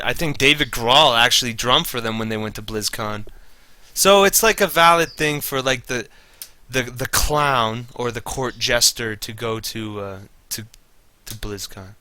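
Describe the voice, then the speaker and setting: A man's voice: mid-range voice, pushed and bright. A slightly tipsy man chatting casually while streaming a game, rambling, swearing and laughing. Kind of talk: casual chat while gaming.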